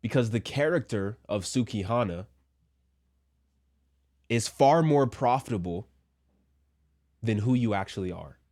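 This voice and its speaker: A man's voice: on the low side, animated, unhurried, pauses often, darkish tone. A man giving casual commentary from a Christian view, chatty with joking asides, and a little under the weather. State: a little sick. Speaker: commentary vlogger.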